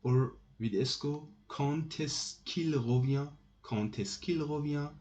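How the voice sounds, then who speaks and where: Slow, mellow-voiced man teaching grammar. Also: a little high. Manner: patient, repeats each example slowly. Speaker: French teacher. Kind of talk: slow spoken grammar lesson. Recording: slightly dull lo-fi recording.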